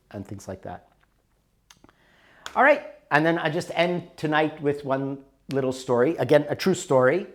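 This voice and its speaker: A middle-aged man teaching a workshop in a conversational, storytelling way with rising and falling emphasis. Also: mid-range voice. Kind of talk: recorded workshop talk.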